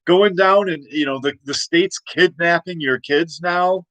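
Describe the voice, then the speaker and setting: A man's voice: fairly high pitch, a little slow, no room sound, pitched above the performer's own voice. A man doing a scolding founding-father general. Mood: indignant. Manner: shouting, incredulous, scornful.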